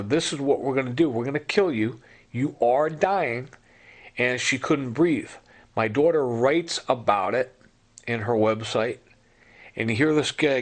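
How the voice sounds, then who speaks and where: A middle-aged man telling his own story in an impassioned monologue, urgent and pleading, repeating himself and appealing straight to the listener. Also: mid-range voice.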